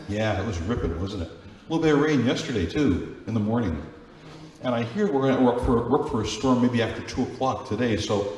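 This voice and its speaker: A man's voice: medium pitch, darkish tone, a little hiss or hum. A man, a Catholic priest, giving a conversational Sunday homily and often putting questions to the congregation. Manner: chatty, asks the congregation questions. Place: large church. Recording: very echoey church with long reverb, faint ambience.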